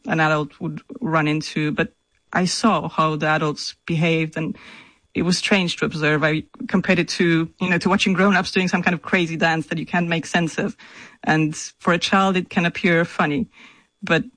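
A woman from Romania, a novelist speaking in an interview in a slow, thoughtful, measured way. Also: low-pitched, fairly even intonation, a bit bright, no room sound, poor audio. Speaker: novelist guest. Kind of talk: remote interview.

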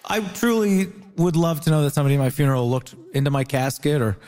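Male comedian from Ontario, wry delivery, higher voice; live hall reverb. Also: expressive, quick pace, a little mellow. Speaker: comedian panelist. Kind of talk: stand-up comedy.

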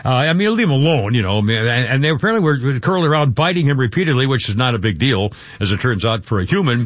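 A man's voice: mid-range voice, big pitch swings, fast, no room sound, dull audio. A man hosting a talk radio show, rambling through commentary with frequent stammered restarts. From Georgia.

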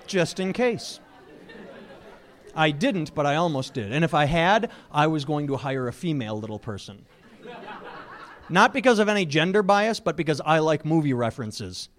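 A man doing a stand-up set, telling an animated story and breaking into mock shouts. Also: fairly high pitch, normal speed, some chatter behind. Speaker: stand-up comedian.

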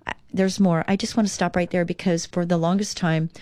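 A woman's voice: on the low side, fairly even intonation, a little fast, a little mellow, dry recording, studio quality. A woman hosting a devotional talk radio show, reading aloud and speaking in an earnest, encouraging, conversational way.

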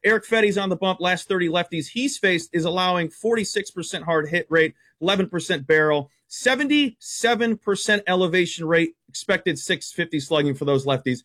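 A man's voice: high-pitched, brisk, few pauses, a bit bright. A man appearing as a sports betting analyst on a radio show, rattling off stats and picks in a blunt, brash, competitive way. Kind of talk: fast stat-heavy sports betting talk.

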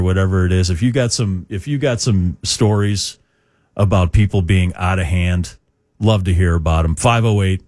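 A man's voice: lowish voice, a little mellow, no echo, clean studio sound. A man hosting morning rock radio, chatting in a rambling, opinionated way with lots of fillers. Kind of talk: radio talk. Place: radio studio. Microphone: studio microphone.

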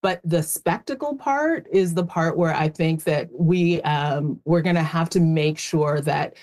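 A woman's voice: deep voice, measured pace, darkish tone. A woman talking on a panel in a chatty way, often saying "you know". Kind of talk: panel discussion.

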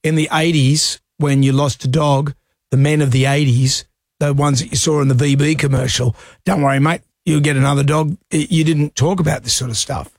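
A man's voice: fairly high pitch, steady tone, brisk, gravelly, no echo, studio quality. An Australian man hosting a radio show, chatting in a jokey, reassuring way. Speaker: radio host. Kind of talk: casual on-air chat.

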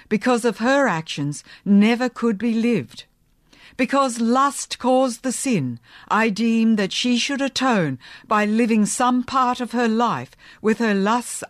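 A zealous middle-aged preacher, stern and fervent, voiced by a woman reading a novel aloud. The delivery is slow and measured, with pitch rising and falling in sermon-like waves. It sounds close and dry, with no room around it. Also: no room sound.

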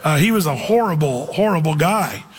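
A man, a pastor, teaching through a Bible passage in a lively, conversational way and reading verses aloud. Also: a little high, normal speed, breathy edge. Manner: animated, conversational, reads scripture aloud. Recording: reverberant hall.

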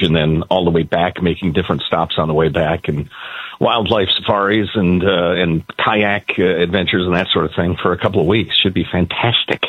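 A man's voice: deep voice, slightly rough, no room sound. A male co-host calling in by phone from a port while on vacation, chatting wryly and sliding into a sardonic rant. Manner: wry, sardonic, breaks into a rant. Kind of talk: casual chat. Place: outdoors by a port. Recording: tinny phone line.

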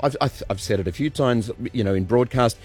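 A middle-aged man, a newsreader, chatting casually and giving lively advice and stories. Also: medium pitch, a little fast. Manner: animated, advice-giving, storytelling. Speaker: newsreader guest. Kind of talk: casual radio chat.

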